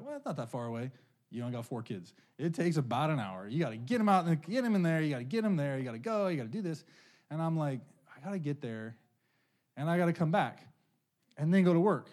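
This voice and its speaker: Middle-aged guy pastor preaching, chatty storytelling, voice bounces up and down a lot, pitched a bit high. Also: a little mellow. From California. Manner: casual, conversational storytelling with frequent "right?". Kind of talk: sermon.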